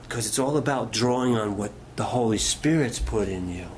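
A man's voice: medium pitch, brisk, a little hiss or hum. A middle-aged male pastor preaching a sermon, telling stories in a folksy way and asking the congregation questions.

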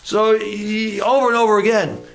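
Man, pastor, sermon, high voice, deliberate, repetitive emphasis. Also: level tone, vocal fry.

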